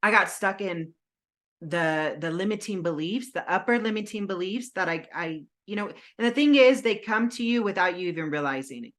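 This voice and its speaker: Bright-voiced woman telling an animated story. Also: lowish voice. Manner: animated storytelling, acts out her own phone calls. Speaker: podcast co-host, indie author. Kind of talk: casual podcast chat. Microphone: home setup with green screen, video call.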